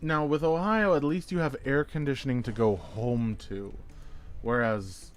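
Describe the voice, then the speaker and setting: A man's voice: mid-range voice, measured pace. Chatty male game streamer. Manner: chatty, rambling, reacts to chat messages; jokey, playful wordplay. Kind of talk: casual gameplay chat.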